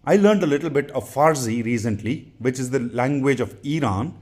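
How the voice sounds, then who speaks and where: A man teaching English pronunciation, saying each practice word twice in a deliberate, instructional way. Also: medium pitch, animated, darkish tone. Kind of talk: slow instructional drilling.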